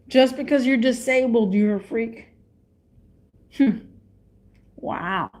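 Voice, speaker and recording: A woman's voice: a little high, slow, a little mellow. A woman vlogger rambling in a casual rant, repeating her questions.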